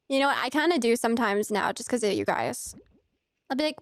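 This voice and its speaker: A woman's voice: a little high, big pitch swings, fairly quick, no room sound, studio quality. A young woman from the United States chatting casually with her viewers while streaming a game, giggly and full of filler words. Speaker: streamer playing a farming game.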